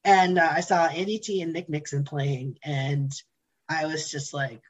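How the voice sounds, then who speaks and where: A woman with a slightly low, husky voice tells her story casually. She rambles with fillers and restarts and breaks into laughter often. Her talk is loose and conversational. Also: steady tone, a little slow, rough recording. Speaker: singer telling her story.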